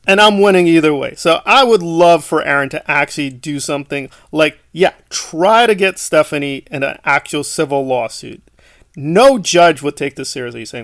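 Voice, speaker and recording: High-voiced mocking male commentator. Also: animated, moderate pace, fairly bright tone, dry recording, clean studio sound. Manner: mocking, scornful. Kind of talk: sarcastic online commentary.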